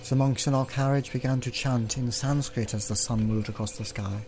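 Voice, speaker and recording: A man's voice: medium pitch, fairly even intonation, moderate pace, darkish tone, slight background noise. Man reading a text game aloud. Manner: frequent throat clearing, offhand asides. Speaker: let's play host.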